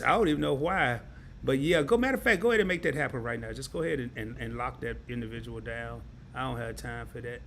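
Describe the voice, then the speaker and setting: A man's voice: medium pitch, a bit bright, a little hiss or hum. A man hosting a casual live-stream interview, chatting and reading viewer comments aloud.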